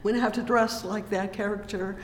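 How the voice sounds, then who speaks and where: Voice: medium pitch, steady tone, fairly quick, slight background noise. A preacher delivering a sermon, reading scripture and breaking in often with fervent cries of praise between verses. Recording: echoey reverberant hall.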